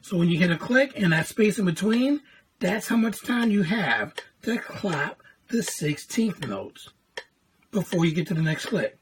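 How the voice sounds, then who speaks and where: Woman music teacher, patient explanations, counts in and chants syllables, slightly low voice, faint hiss behind. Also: lively intonation, a little slow. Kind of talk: classroom lesson video.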